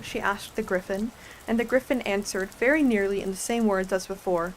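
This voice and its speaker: A woman reading a storybook aloud as soft ASMR storytelling, with gentle, chatty asides, on a close microphone. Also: medium pitch, moderate pace, a little hiss or hum, poor audio. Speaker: ASMR reader.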